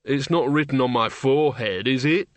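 A man's voice: medium pitch, moderate pace, no room sound, natural voice. A man voicing a level-headed young woman who speaks bluntly and evenly.

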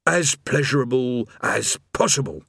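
A man's voice: medium pitch, lively intonation, a little slow, creaky, a bit bright, husky, dry recording, studio quality, heavily acted. A man voicing a weary, put-upon male demon doorman of hell who grumbles mournfully, in an audiobook reading. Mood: stiff scripted. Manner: grumbling, mournful, plain-spoken. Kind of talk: audiobook character voice.

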